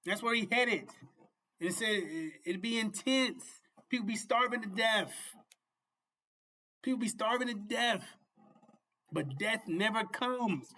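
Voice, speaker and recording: High, bright-voiced fervent male preacher. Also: measured pace, long pauses. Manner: fervent, repetitive, often asks "You see?"; laughs and shouts at peaks. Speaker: preacher and show host. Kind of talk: informal street sermon.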